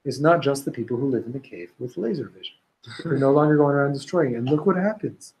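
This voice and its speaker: A man teaching an informal Talmud class, retelling a story with lively restarts and Hebrew and Aramaic quotes. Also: mid-range voice, fast talker, a little hiss or hum, poor audio. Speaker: Torah teacher.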